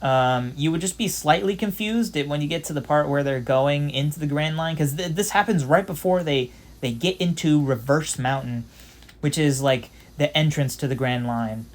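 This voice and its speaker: A man's voice: a little high, normal speed. A young man giving casual gameplay commentary, rambling with lots of fillers and the odd swear. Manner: rambling, filler-heavy storytelling with frequent "um" and "like". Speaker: gameplay channel host.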